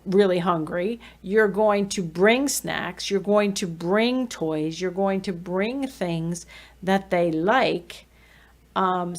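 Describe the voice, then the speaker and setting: A woman's voice: fairly low pitch, gravelly. A woman podcast host and behavior analyst, talking conversationally with fillers and self-corrections as she explains strategies for parents. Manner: acts out parent-child exchanges with soft shushing.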